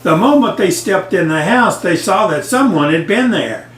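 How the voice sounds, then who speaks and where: An older man reading a bedtime story to his grandchild, slow and gentle. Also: high voice, expressive. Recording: echoey room, voice off-mic.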